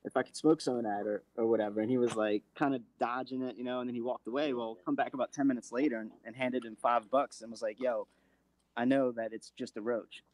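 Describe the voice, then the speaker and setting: A man on a casual radio talk show, telling a story in an excitable, rambling way with lots of fillers. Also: medium pitch, fast, rough recording. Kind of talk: casual chat.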